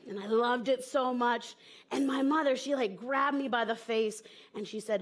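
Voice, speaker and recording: A woman's voice: a little high, normal speed. A woman improvising comic stories on stage, chatty and playful, with frequent "like" fillers. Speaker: improv comedian.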